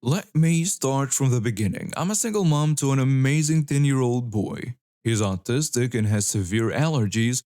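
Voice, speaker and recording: A man reading online stories aloud as scripted narration, with an even storytelling delivery. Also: mid-range voice, dry recording, studio quality.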